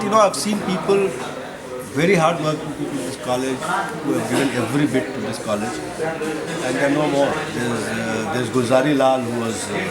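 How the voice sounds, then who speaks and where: A man, a college teacher reminiscing thoughtfully in a documentary interview. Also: medium pitch. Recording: loud crowd noise behind. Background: loud crowd chatter.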